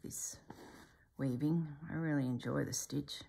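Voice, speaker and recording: A middle-aged woman talking through a stitch-along embroidery tutorial in a calm, musing way, often dropping to a soft whisper. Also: deep voice, takes it slowly, vocal fry, breathy edge. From Australia.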